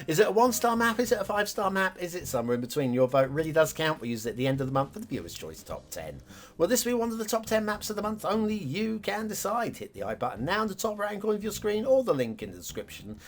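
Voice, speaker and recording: A man's voice: on the high side, fairly bright tone. A man hosting a game map review show, chatting casually, joking and giggling as he talks over gameplay footage. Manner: chatty, giggly, jokey asides.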